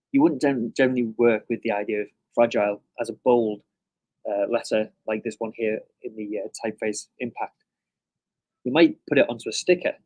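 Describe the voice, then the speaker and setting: A man's voice: medium pitch, a little mellow. Middle-aged guy teaching a class, chatty, lots of um and okay?. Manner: conversational, checks in with "okay?", filler "um". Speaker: lecturer. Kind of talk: classroom lecture.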